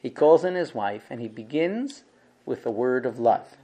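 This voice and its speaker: A man teaching a religious class, telling stories with animated voices for the characters and dropping to hushed whispers. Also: medium pitch, moderate pace. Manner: acts out characters with big swings from shouts to hushed whispers. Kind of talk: animated storytelling lesson.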